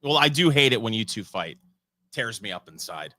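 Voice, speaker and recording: Co-host, male; bright, clear voice; dry, wry delivery, close and dry recording. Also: on the low side, animated, normal speed, no room sound. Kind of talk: casual chat about football.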